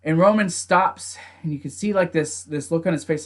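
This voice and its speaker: A young man casually recapping a wrestling event, animated, laughing often and acting out the wrestlers' lines. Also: on the high side, moderate pace. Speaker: wrestling show reviewer. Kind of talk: casual recap with acted quotes.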